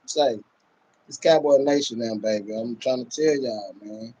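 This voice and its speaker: A man with a Texas accent hosting his live stream, boasting and trash-talking in a loud, laughing rant. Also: medium pitch, moderate pace, a little hiss or hum, low-quality recording. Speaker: channel host.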